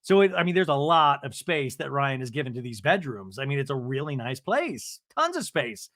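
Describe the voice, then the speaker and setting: A man's voice: mid-range voice, sing-song, normal speed, a bit bright, no room sound, clean studio sound. A man hosting a podcast, chatting casually through a recap with playful asides. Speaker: podcast host.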